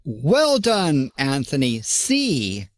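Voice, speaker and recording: A man's voice: medium pitch, huge pitch swings, drawn-out words. Hesitant American man presenting code. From United States. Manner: hesitant, many fillers and restarts. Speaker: contest co-host. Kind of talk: casual presentation of contest entries.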